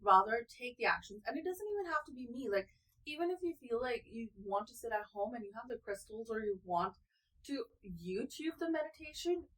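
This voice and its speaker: A woman's voice: fairly high pitch, animated, a little fast, a bit bright, rough recording. A woman co-hosting a podcast who offers energy healing, speaking in an earnest, affirming way. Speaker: podcast co-host, energy healer. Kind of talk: casual podcast conversation.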